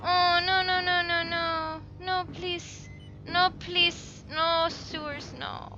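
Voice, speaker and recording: A young woman commentates her gameplay of a horror game, scared, jumpy and exclaiming, with bursts of nervous laughter. Her voice is very high-pitched, slow and nearly unvarying in pitch. The audio is dull, with music and faint noise in the background and a desk microphone that gets knocked about.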